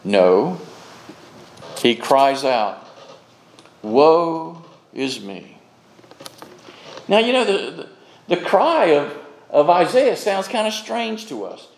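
A male pastor preaching a sermon with slow, emphatic delivery and dramatic pauses. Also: high-pitched, very animated. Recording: echoey room sound.

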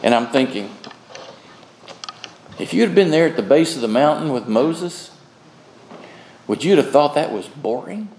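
A male pastor preaching a sermon with slow, emphatic delivery and dramatic pauses. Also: fairly high pitch, lively intonation, darkish tone, slight background noise. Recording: echoey room sound.

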